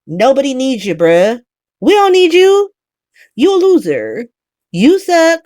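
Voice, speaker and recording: A woman playing a furious soap opera woman who scolds her boss in a fast slang rant. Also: high-pitched, a little mellow, no room sound, studio quality.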